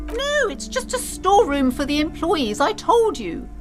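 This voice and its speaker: A frightened shop owner with a high voice that swings wildly up and down. She pleads and insists in an anxious manner. Faint game music runs behind her. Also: very animated, a little slow, full character voice. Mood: anxious pleading.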